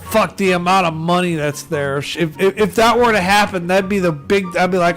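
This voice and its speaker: American dude on stream, pretty high voice, cussing every other word, cracking himself up, bit of music in the back. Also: male voice, moderate pace, few pauses, a bit bright. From United States. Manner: rambling, swears constantly, laughs at his own jokes. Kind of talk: casual chat on a livestream.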